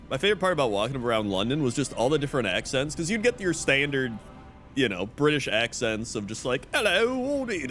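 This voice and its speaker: A man's voice: mid-range voice, a bit bright. A young man streaming, chatting casually with a rambling, profane storytelling manner. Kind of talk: casual chat.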